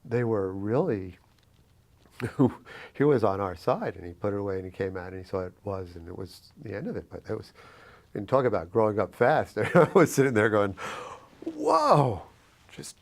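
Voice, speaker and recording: A man from New York City telling a personal story in an oral history interview, reflective and lively, with many fillers. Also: fairly low pitch, fairly quick. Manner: reflective, animated anecdotal telling with frequent fillers.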